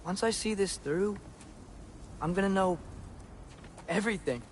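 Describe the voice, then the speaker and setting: A man voicing a determined, earnest young hero in a fan voice dub, measured and sincere. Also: sits high, a little hiss or hum.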